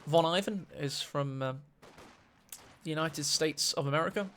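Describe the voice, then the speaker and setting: A man casting a strategy game match, excitable and quick to gasp at big plays. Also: on the high side, slight background noise. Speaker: esports caster. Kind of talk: live game commentary.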